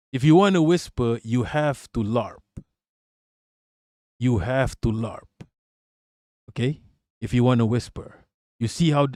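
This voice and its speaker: A man's voice: medium pitch, a little mellow, dry recording, studio quality. A man giving a casual livestream rant as an online political commentator, emphatic and profane, firing off rhetorical questions and repeating himself.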